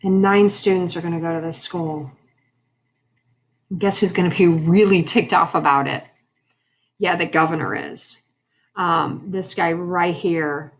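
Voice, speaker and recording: A woman's voice: on the low side, fairly even intonation, measured pace, pauses often. A woman teaching a history lesson in a conversational way, asking her class questions and making wry asides. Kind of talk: classroom lecture.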